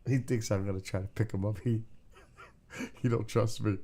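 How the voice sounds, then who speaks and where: A man's voice: fairly low pitch, fairly even intonation, normal speed, dark tone. A man chatting casually on a live stream, laid-back and rambling, swearing now and then and talking to his dog between comments. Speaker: skywatching livestreamer.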